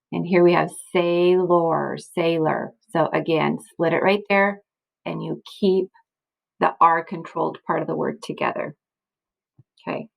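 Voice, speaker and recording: A woman teacher records a slideshow lesson for young students, with a fairly low, gravelly voice. She talks patiently and encouragingly, checking in often with her class. It is recorded on a computer mic. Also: low-quality recording. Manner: patient, encouraging, frequent "okay?" and "right?" checks. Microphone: computer mic, screen recording.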